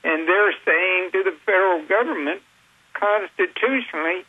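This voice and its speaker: A male radio guest calling in by phone, speaking slowly and haltingly with many fillers. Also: sits high, breathy edge, no echo. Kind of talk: talk radio interview. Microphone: telephone. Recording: tinny phone line.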